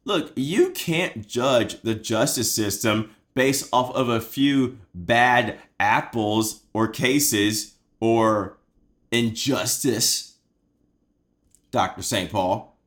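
A man's voice: medium pitch, very slow, a bit bright. A man hosting a comedy sports podcast, ranting in a mock-hyped, swearing way. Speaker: podcast host.

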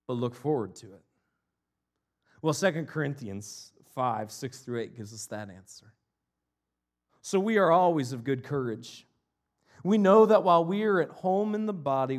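A man from Ohio preaching a sermon, mixing jokey, animated asides with earnest, quieter scripture reflection. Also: medium pitch. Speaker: pastor.

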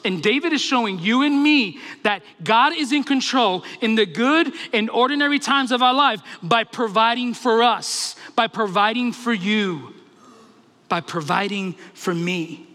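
A man's voice: high-pitched, bright, forceful tone, long reverb tail. A pastor preaching a sermon with passion, firing off rhetorical questions to his congregation. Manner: impassioned, asks rapid rhetorical questions.

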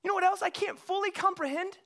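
A male pastor delivers a sermon in a church sanctuary with a high, ringing, bright voice. He swings between fervent, loud exclamations and soft, hushed passages. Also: steady tone, fast talker.

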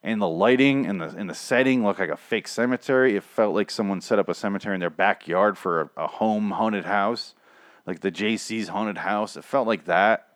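A man's voice: lowish voice, moderate pace, dry recording, clean studio sound. A young man hosting a casual solo show, recapping a TV episode in a rambling, profane, griping way with many restarts. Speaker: podcast host recapping a TV episode.

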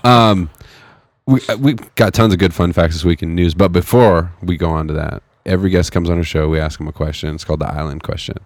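A man's voice: deep voice, fairly even intonation, quick pace, no room sound. A man co-hosting a podcast in casual chat, laid-back, swearing freely and laughing often. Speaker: podcast co-host.

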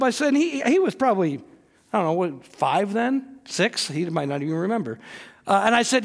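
High voiced guy pastor preaching, earnest, tells stories, gets emphatic. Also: sing-song, moderate pace, gravelly. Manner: earnest storytelling, rising to emphatic peaks. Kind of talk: sermon.

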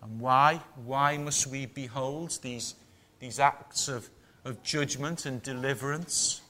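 A man preaching a sermon to his small congregation in a measured, emphatic manner with rhetorical questions. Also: mid-range voice, sharp tone.

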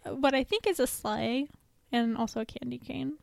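A young woman co-hosting a casual podcast, reading children's letters aloud with soft, giggly asides. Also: a little high, moderate pace, gravelly, no echo. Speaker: podcast co-host.

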